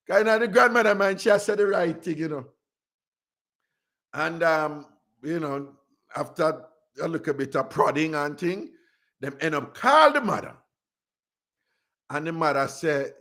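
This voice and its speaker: Lively radio host. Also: male voice, a little high, moderate pace, creaky. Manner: animated, laughs often, mimics the people in his story. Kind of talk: casual radio storytelling. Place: radio studio.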